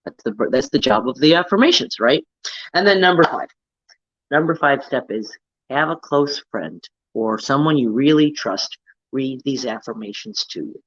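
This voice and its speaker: A man's voice: medium pitch, expressive, moderate pace, a bit bright, husky, dry recording, highs cut off. A man hosting a casual self-help talk, coaching earnestly and often checking in with "right?". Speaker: host.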